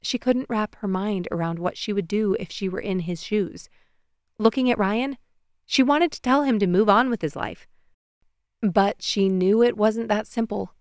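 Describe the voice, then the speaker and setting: Woman narrating an audiobook in a smooth voice. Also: medium pitch, moderate pace, no room sound, clean studio sound.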